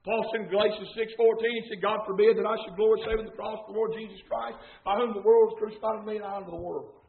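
A male preacher, delivering a fiery sermon that swings from shouted cadences to hushed passages. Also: high voice, fairly even intonation, racing, gravelly. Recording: tinny phone-like sound.

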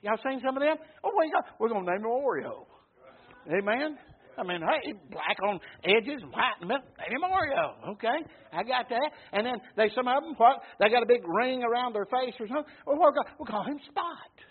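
A preacher with a notably high, husky voice delivers a folksy sermon. He spins homespun stories and keeps checking in with the congregation. The recording sounds muffled and narrow, like a phone line. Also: animated, a little fast. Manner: folksy storytelling preacher, calls out "Amen?". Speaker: pastor.

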